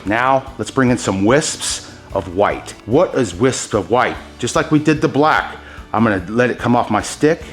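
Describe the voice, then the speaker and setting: A man hosting a hands-on epoxy tutorial, talking straight to his viewers, excited by his own results and handing out pro tips as he works. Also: medium pitch, a little slow, soft background music. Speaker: host demonstrating epoxy countertop techniques.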